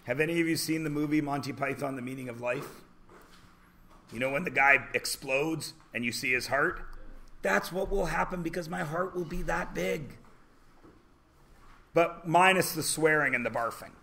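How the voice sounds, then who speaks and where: A man teaching a high school math class, joking as he lectures. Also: vocal fry, sharp tone, a little hiss or hum. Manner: joking, drawn-out teacherly questions.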